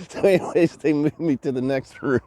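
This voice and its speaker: A man's voice: a little high, warm tone. A man vlogging outdoors in a city, telling a rambling story, swearing, laughing a lot and mimicking the people in it. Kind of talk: rambling travel story while exploring a city.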